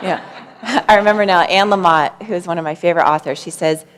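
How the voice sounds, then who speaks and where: A woman giving a storytelling talk on mindfulness to an audience, gentle and warm, laughing easily as she speaks. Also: lowish voice, moderate pace, background noise. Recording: long hall reverb.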